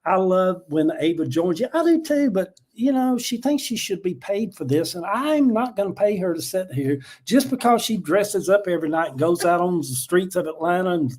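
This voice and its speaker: A man's voice: high-pitched, lively intonation, normal speed, hardly any pauses, darkish tone. Older guy chatting on a live, folksy, tells stories with feeling. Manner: folksy and emotional, addresses viewers as y'all. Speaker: livestream host. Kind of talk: casual live chat, storytelling.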